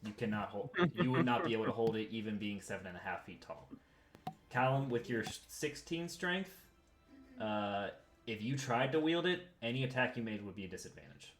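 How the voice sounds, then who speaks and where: Low-voiced male game master. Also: soft background music. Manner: descriptive, patient, reads in-world text slowly. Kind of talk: narrating a tabletop game.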